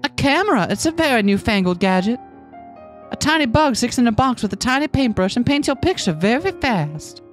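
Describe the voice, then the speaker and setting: A woman's voice: on the high side, very animated, brisk, faint music behind. A naive young noblewoman, as a woman reads her. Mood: earnest. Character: naive young noblewoman, polite and a bit scatterbrained.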